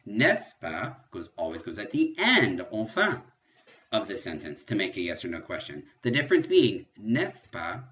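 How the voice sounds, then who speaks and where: A man's voice: lowish voice, a bit bright, highs cut off. A man teaching a virtual French lesson, explaining step by step and moving between English and French. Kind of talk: virtual classroom lecture.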